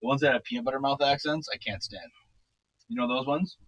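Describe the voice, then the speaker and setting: A man in casual studio banter, loud and joking, swearing constantly. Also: medium pitch, a little fast, low-quality recording. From Canada. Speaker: podcast co-host.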